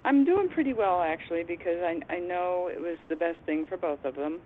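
Woman caller on a phone line, chatty, lots of ums, faint rumble behind her. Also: animated, fairly quick. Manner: chatty, meandering, hesitant with many "um"s. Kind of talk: casual phone chat.

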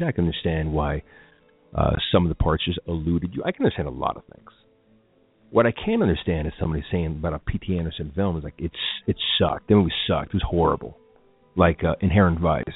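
A man's voice: deep voice, very animated, quick pace, breathy edge, dry recording. A man hosting a film talk show, speaking casually and with strong opinions, rambling through asides. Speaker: podcast host. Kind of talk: casual solo radio talk. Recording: tinny phone-like lo-fi audio with faint music.

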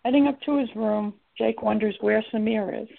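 A woman narrates a story in a steady, even reading. Her voice has a gravelly fry to it. The recording is tinny and phone-like. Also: on the high side, normal speed. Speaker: audiobook narrator. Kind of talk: scripted narration.

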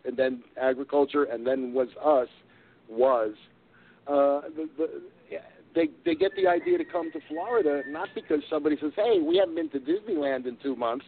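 A man calling into a radio show, animated and acting out quotes, sometimes halting over his words. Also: a little high, slight background noise. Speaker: caller. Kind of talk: phone-in chat. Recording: telephone line.

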